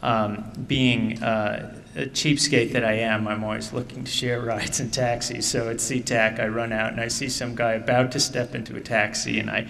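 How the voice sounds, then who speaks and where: A middle-aged man, an author speaking at a book event, reading aloud in measured tones and then telling a casual story full of fillers. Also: mid-range voice, flat delivery, gravelly, fairly bright tone, a little hiss or hum. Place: theater stage. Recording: distant mic in a reverberant theater hall.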